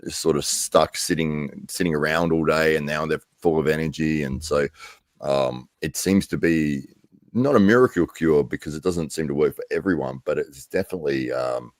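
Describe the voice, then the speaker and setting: A man on a podcast explaining things in a measured, thoughtful way. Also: extremely low pitch, no room sound, studio quality. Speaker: podcast guest. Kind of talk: casual podcast chat.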